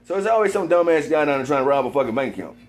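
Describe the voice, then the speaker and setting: A man's voice: on the high side, animated, racing. Rambling, profane man talking to camera. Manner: profane, rambling, repetitive, swears constantly; gets heated and loud at times.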